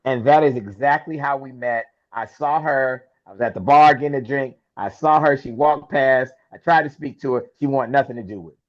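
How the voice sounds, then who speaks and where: A man telling a personal story as an interview guest, lively and casual, acting out the lines of the people in it. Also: mid-range voice, a little fast, few pauses, lo-fi sound. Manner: lively storyteller who acts out quoted dialogue. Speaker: interview guest, film producer. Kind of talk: animated storytelling in a podcast interview.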